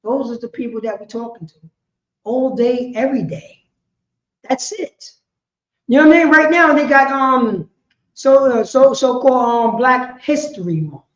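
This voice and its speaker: A woman teaching a religious law class in an impassioned preaching style, repeating herself with emphasis and swinging between shouts and quiet words. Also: high-pitched, lively intonation, moderate pace. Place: indoor meeting room. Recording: roomy, slightly dull lo-fi sound.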